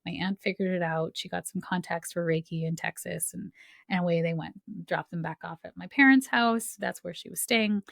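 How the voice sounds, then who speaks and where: Woman podcast host, low gravelly voice, dry close sound, chatty storyteller who acts out quotes. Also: moderate pace, a bit bright, no room sound. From Canada. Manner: chatty, filler-heavy, laughs often, acts out quoted voices. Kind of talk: personal storytelling monologue.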